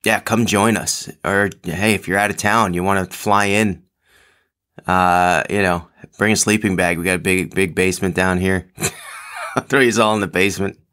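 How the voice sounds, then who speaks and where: Deep-voiced man rambling on his podcast. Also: fairly even intonation, normal speed, bright, forceful tone. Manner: rambling, full of ums and restarts, self-deprecating. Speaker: podcast host. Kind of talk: casual solo podcast chat.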